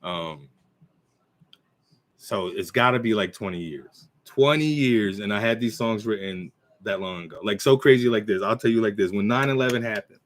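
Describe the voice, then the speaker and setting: A man in his forties talking casually to a computer mic, rambling with restarts and clearing his throat. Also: on the low side, a bit bright. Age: 40s. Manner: recites his own verses in a slow, measured cadence. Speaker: channel host. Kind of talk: casual talk to camera.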